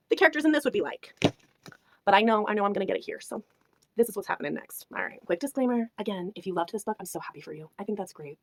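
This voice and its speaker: A young woman ranting in a book review vlog, animated and exasperated, swinging between loud outbursts and whispers. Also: medium pitch, very fast, dry recording. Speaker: book vlogger.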